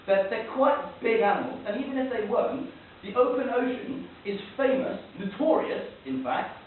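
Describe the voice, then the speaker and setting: A man doing a rambling, self-mocking stand-up comedy set, now and then breaking into shouted rants. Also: high voice. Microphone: camera far from the stage. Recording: distant, tinny, hissy, roomy amateur recording.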